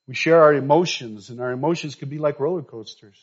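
A man preaching a sermon to a church congregation, telling a story and then pressing his point with loud, emphatic bursts. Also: fairly high pitch, brisk, slightly rough. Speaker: pastor. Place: church sanctuary. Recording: slightly dull, lo-fi recording.

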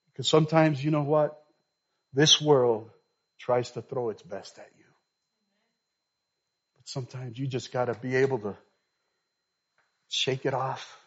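A man preaching a sermon to a church congregation, telling a story and then pressing his point with loud, emphatic bursts. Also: medium pitch, fairly even intonation, a little slow, pauses often, breathy edge. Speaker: pastor. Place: church sanctuary. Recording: slightly dull, lo-fi recording.

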